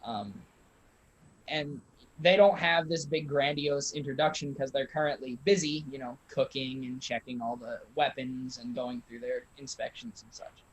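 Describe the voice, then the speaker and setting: A man narrates a tabletop game as its game master. He talks casually and halting, stopping often to find his words. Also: mid-range voice, fairly even intonation, slight background noise, low-quality recording.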